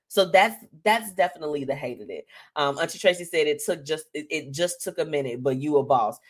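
A woman's voice: sits low, a little fast, husky. A woman hosting a live show, talking candidly and emotionally to her listeners and calling them y'all. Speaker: host.

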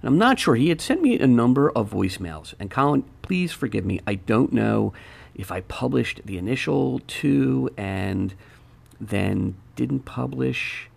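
A man hosting a gaming podcast in a relaxed, rambling solo talk with many fillers. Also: mid-range voice, unhurried, gravelly, breathy edge. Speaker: podcast host. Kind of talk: casual podcast monologue.

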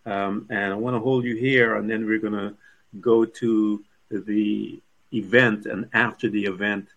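Man, interviewer, fry, husky, low-ish voice, encouraging. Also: flat delivery, a little slow, dull audio. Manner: warm, encouraging backchannels and long rambling questions. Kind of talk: interview questions.

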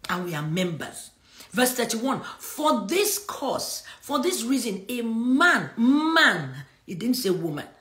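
A middle-aged woman delivers a sermon, her fairly high voice rising and falling in wide, lively swings as she drives her points home. She reads scripture aloud and slips in laughs between her lines. The sound carries a noticeable echo from the room. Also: measured pace. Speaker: preacher hosting a livestream. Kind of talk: sermon teaching with scripture reading.

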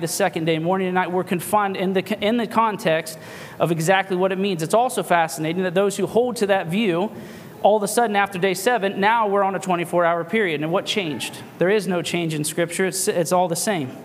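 A man's voice: high voice, slight background noise. A man preaching a sermon with impassioned, emphatic rhetorical questions, recorded in a church hall. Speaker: pastor.

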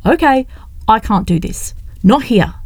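A woman's voice: fairly high pitch, animated, unhurried, dry recording, voice pushed up. A woman voicing a fiery, frustrated young woman who talks back indignantly. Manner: indignant, sharp-tongued. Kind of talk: audiobook character reading.

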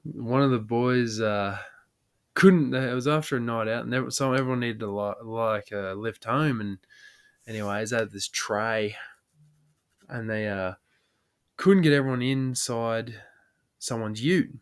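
With a smooth, mid-range voice, an Australian podcast host tells a rowdy pub story at a measured pace, pausing often. It's a casual, laughing, swear-filled yarn in which he acts out everyone involved.

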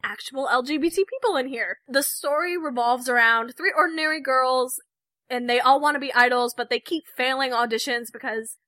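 A woman's voice: high-pitched, moderate pace, bright, forceful tone, no echo. A young woman co-hosting a podcast, chatting casually, laughing and retelling stories with animation. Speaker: podcast co-host.

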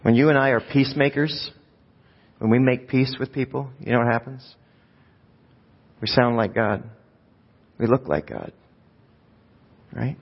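A man's voice: medium pitch, unhurried, gravelly, long pauses. A man preaching a conversational sermon, often asking the congregation rhetorical questions. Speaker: pastor. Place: church sanctuary. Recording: dull sound with long hall reverb.

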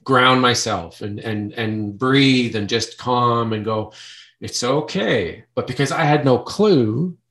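A man's voice: medium pitch, a bit bright. A middle-aged man speaks candidly and personally. He stumbles and restarts often, repeating words as he works through painful thoughts. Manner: halting, with many restarts. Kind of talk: personal talk about trauma.

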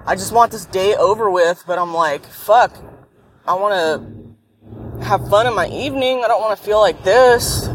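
A woman's voice: mid-range voice, normal speed. A woman vlogging in a car after a sleepless night, ranting in a blunt, profane and irritable way. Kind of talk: casual rambling monologue. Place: in a car while driving. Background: faint road and vehicle noise.

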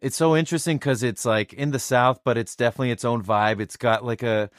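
A man's voice: mid-range voice, steady tone, fast talker, dry recording. Podcast host guy, rambly and laughing, dry close sound, mid voice. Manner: rambling, laughs a lot, many fillers. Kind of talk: casual interview chat.

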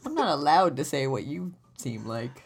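A woman's voice: low voice, big pitch swings, moderate pace, vocal fry, husky. A woman co-hosting a comedy show, teasing her partner in casual, dry banter. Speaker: co-host.

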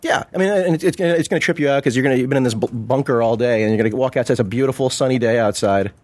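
Man, casual guest chat, quick and joking, rapid delivery, stumbling restarts. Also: mid-range voice, darkish tone.

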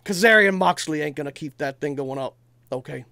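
A man's voice: on the high side, fairly quick, gravelly, no echo. A man in his thirties co-hosting a casual chat, talking emphatically, swearing and telling stories with energy. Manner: emphatic, swearing, animated storytelling. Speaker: podcast co-host.

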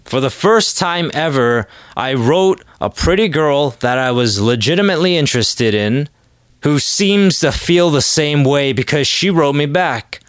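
A man hosting a podcast, delivering a crude, joking solo monologue with sudden loud exclamations. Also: a little high, expressive, a little slow, clear, resonant tone, dry recording, studio quality. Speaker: podcast host. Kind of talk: casual comedic monologue.

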